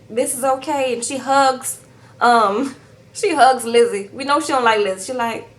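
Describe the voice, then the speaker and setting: A woman's voice: high voice, measured pace, fairly bright tone. A woman recapping a reality show in a sassy, chatty tone, keeps tagging her sentences with "okay?" and calls her viewers "girl". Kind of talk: casual recap chat.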